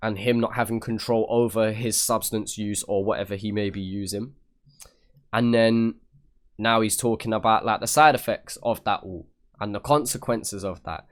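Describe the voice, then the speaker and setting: British man with a low voice reacting to music. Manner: chatty, pauses the track to comment, jumps up in pitch when excited. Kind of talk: casual reaction commentary. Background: the reviewed track playing faintly.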